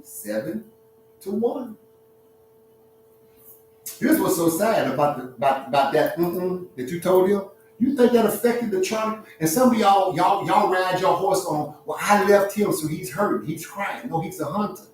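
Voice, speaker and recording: High-voiced man preaching blunt advice. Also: normal speed, very echoey, far from the mic, a little hiss or hum, low-quality recording. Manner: preachy, animated, streetwise, laughs at his own points. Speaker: relationship talk host. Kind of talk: blunt live advice talk to an audience.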